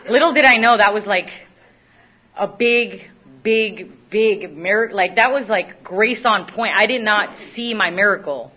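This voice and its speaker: Young woman, recovery testimony, candid, self-mocking, halting restarts, mid-pitched voice, muffled lo-fi recording. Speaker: recovery speaker. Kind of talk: personal testimony. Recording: dull lo-fi recording.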